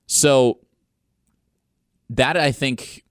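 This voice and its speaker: A man's voice: mid-range voice, extremely slow, no room sound. A young man hosting a college sports radio show, giving commentary with dry, sarcastic quips.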